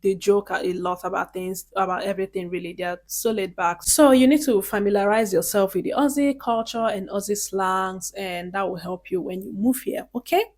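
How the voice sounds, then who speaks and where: A woman talks straight to camera in a casual advice vlog. She is chatty and earnest, and she often pauses to check in with her viewers. Her voice sits at an ordinary middle pitch. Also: steady tone, a little mellow. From Nigeria. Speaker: vlogger.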